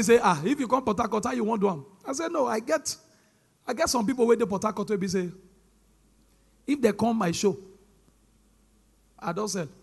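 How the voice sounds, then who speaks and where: A young Nigerian man doing animated stand-up comedy, mixing in pidgin and shouting his punchlines. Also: very high-pitched, gravelly, breathy edge.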